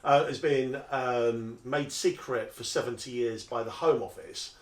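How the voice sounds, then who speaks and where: A man's voice: medium pitch, steady tone, a little slow. Emphatic male interviewer, echoey room. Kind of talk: conversational interview. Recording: roomy echo.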